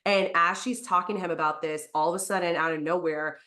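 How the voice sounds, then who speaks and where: A woman co-hosting a podcast, casually recapping a novel's plot in a chatty way, full of fillers and quick acted-out quotes. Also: on the low side, steady tone, pushed and bright. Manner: chatty, lots of "like", acts out quotes. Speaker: podcast co-host.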